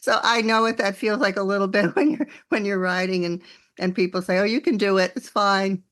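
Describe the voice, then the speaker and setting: Woman host, conversational, reactive, mid pitch. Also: a little fast. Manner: warmly reactive, prompting with short questions. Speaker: podcast host. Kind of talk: conversational interview.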